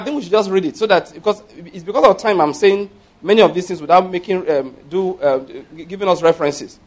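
A man preaching a sermon, emphatic and questioning, reading scripture aloud slowly and forcefully. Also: high-pitched. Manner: emphatic, rising and falling with stress, asks the congregation questions.

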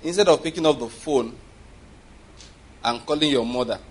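A man's voice: mid-range voice, normal speed, a little hiss or hum. A man preaching a sermon in a chatty, conversational way, often checking whether the congregation understands and chuckling between points.

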